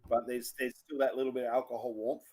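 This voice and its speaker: A man's voice: mid-range voice, flat delivery, fast talker, warm tone, slightly rough. An Australian man co-hosting a casual whisky tasting chat, thoughtful and trailing off mid-sentence. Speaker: whisky show co-host.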